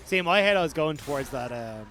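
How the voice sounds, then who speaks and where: Irish male co-caster, high voice, analytical and teasing, faint background hiss. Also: lively intonation, fast, a bit bright. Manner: laughing, teasing banter. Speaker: esports co-caster. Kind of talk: analytical colour commentary.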